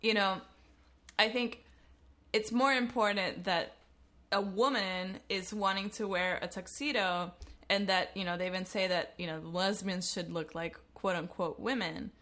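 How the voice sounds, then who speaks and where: A woman's voice: mid-range voice, steady tone, unhurried, fairly bright tone. A woman co-hosting a casual talk show who argues her point with many "you know"s and laughs easily. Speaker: podcast co-host. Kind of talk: casual chat.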